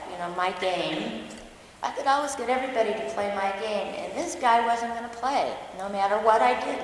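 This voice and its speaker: A woman's voice: mid-range voice, slight background noise. A woman giving a personal storytelling talk, candid and self-mocking, often laughing at herself. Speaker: dharma talk speaker. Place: large church hall. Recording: echoey hall recording with long reverb.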